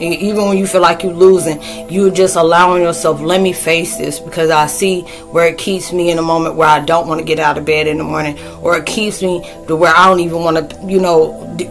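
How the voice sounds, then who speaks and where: Animated, slangy woman vlogger. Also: low-pitched. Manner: loose, animated, slangy, acts out quoted friends. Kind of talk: casual spoken vlog, talking to viewers.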